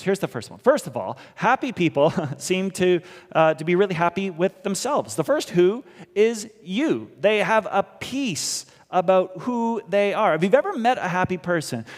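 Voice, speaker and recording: A male pastor giving a conversational sermon, lively and expressive, acting out the voices he quotes. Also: on the high side. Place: church sanctuary. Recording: long church reverb.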